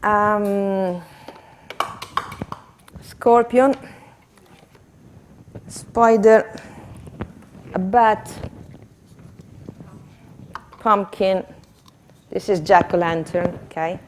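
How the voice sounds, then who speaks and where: Slow, hesitant woman teacher trainer. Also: medium pitch, fairly even intonation, a little hiss or hum. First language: Italian. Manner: hesitant, chatty, laughs at herself. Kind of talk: workshop lesson demonstration. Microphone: handheld microphone.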